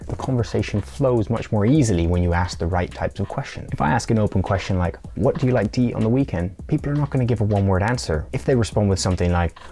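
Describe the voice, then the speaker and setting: A man's voice: fairly low pitch, expressive, fast, few pauses, dark tone, a little hiss or hum. A man presenting a scripted tutorial in a playful way, now and then acting out little mock conversations. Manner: playful, acts out mock dialogue.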